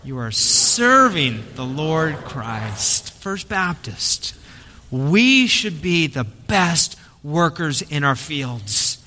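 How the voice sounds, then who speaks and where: A man's voice: a little high, sing-song, extremely slow, pushed and bright, slight background noise. A man preaching a sermon as pastor, telling stories in a conversational, joking way. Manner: conversational storytelling with jokes. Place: church sanctuary. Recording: long church reverb.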